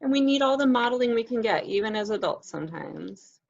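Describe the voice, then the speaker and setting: A middle-aged woman, a librarian, chatting casually while unboxing books, friendly and quick to laugh. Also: on the high side, animated, vocal fry, darkish tone. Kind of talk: casual book unboxing chat. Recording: muffled lo-fi sound.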